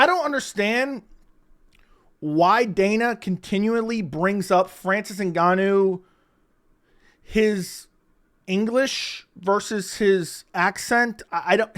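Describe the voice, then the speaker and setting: A man giving sarcastic, profane reaction commentary on interview clips. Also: high voice.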